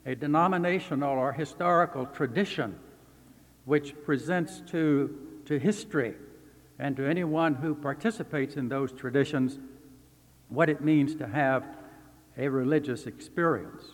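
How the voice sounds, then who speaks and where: A man's voice: on the high side, a little hiss or hum. Older man lecturing in a reverberant hall. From Texas, USA. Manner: measured, deliberate, with pauses. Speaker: guest lecturer, seminary professor. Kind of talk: formal academic lecture. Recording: long reverb from a large hall.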